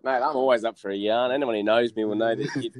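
A man's voice: mid-range voice, steady tone, fast, a loud crowd. A man with an Australian accent, laid-back and jokey, laughing as he tells stories over a phone call. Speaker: guest, social media cowboy. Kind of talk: casual storytelling chat.

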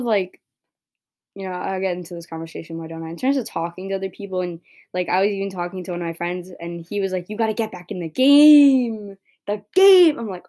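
Young woman, podcast host, rambling casual chat, self-deprecating, low pitch. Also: darkish tone. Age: young adult.

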